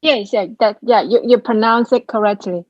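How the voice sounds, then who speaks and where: A woman's voice: fairly high pitch, moderate pace, a little mellow. Hesitant woman student on a muffled call. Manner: hesitant, with fillers. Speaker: ESL student. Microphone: video call.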